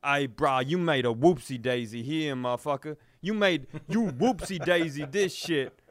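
A man impersonating a menacing tough guy who threatens in childish baby talk, loud and mock-dramatic. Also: on the high side, moderate pace, lightly acted. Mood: swaggering threat.

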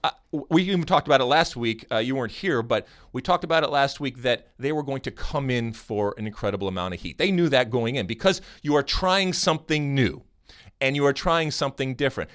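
American man, podcast host, casual chat, animated, teasing, stop-start delivery, average pitch. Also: brisk. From United States. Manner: animated and teasing, with many restarts.

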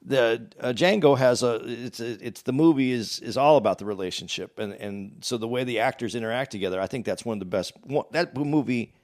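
A man co-hosting a casual podcast, his voice in a middle pitch. He speaks haltingly and restarts his sentences often. He works his point out at length, one piece at a time. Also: a little mellow. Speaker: podcast co-host.

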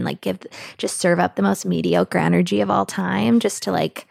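A woman chatting on a podcast, rambling fast with many fillers and swear words. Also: lowish voice, steady tone, creaky, darkish tone, no room sound, studio quality. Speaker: podcast guest. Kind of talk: casual podcast chat.

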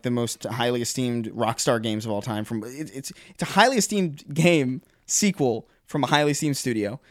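A man's voice: medium pitch, no echo, studio quality. A man co-hosting a casual gaming podcast, giving his opinions in a conversational way, often restarting his sentences. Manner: conversational, hesitant, many restarts. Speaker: podcast co-host.

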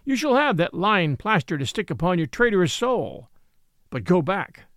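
A man's voice: high voice, very animated, moderate pace, a bit bright, no room sound, clean studio sound. Man voicing an ardent, masterful suitor. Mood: stern. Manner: earnest and pleading, then stern. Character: ardent, masterful man wooing a young woman.

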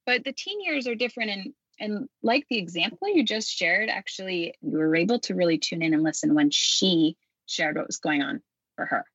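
A woman's voice: fairly low pitch, lively intonation, normal speed, fairly bright tone, slightly rough, no room sound. A woman guest explaining parenting ideas in a thoughtful, conversational way. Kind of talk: casual conversation. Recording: dry, muffled lo-fi audio.

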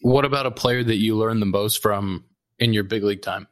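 A man's voice: lowish voice, a little fast, no room sound. A man hosting a casual interview, asking easygoing questions. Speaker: podcast host. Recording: dry close mic.

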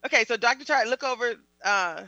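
A woman's voice: fairly high pitch, brisk, pushed and bright, dry recording, muffled recording. Upbeat woman host directing guests. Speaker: talk show host. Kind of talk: casual chat on a video call. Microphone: video call.

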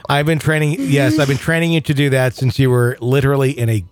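A man's voice: mid-range voice, level tone, fast talker. A middle-aged man hosts a casual podcast in a plain mid-range voice. He chats freely and rambles happily through his stories. Faint music sits under him. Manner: chatty, rambling storyteller. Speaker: podcast host.

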